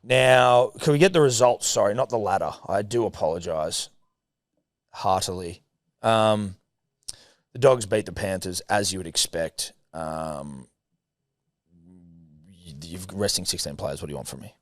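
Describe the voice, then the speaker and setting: Australian male co-host, low-pitched, dry close sound, joking ad-reader. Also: a little slow, long pauses, dry recording. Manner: rambling joking storyteller, reads ad reads. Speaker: podcast co-host. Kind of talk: casual sports banter.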